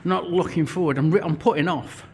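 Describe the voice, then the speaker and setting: A man's voice: on the high side, brisk, slight background noise. A man, chatting bluntly and swearing a lot as he explains his metalwork in a vlog. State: out of breath at times. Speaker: vlogger and metal fabricator. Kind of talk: casual workshop vlog narration.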